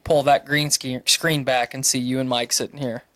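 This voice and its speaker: A man's voice: medium pitch, little pitch movement, normal speed, fairly bright tone, no echo. Jokey male podcast co-host, dry sound. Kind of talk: casual podcast chat.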